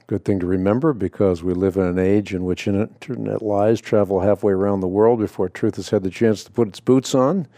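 A man hosting a radio call-in show, speaking in a measured, deliberate way with frequent filler sounds. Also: lowish voice, fairly even intonation, mellow, no echo, clean studio sound.

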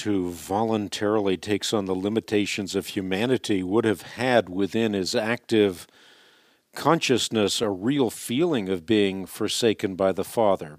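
Measured male radio call-in host. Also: lowish voice, no room sound, studio quality. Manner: measured, articulate, lecturing.

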